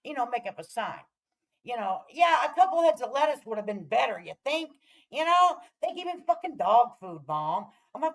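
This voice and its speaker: A woman's voice: on the high side, sing-song, moderate pace, rough recording. Profane, rambling middle-aged woman vlogger. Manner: talks to viewers with repeated "all right?" check-ins. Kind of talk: casual rant to camera.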